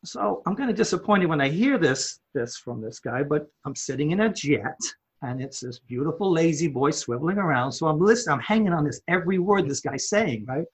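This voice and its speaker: In a podcast interview, the owner of a home improvement company tells a story, his slightly rough voice on the high side and a little fast. He's animated, frequently repeating words to build momentum.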